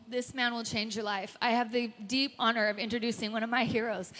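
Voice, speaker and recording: A woman with a high, bright voice introduces a speaker to an arena crowd. She speaks with earnest feeling, her voice catching with emotion as she talks into a stage microphone. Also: fairly even intonation, a little fast, few pauses. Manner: heartfelt, earnest, voice breaking with emotion. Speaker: event presenter. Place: large indoor arena.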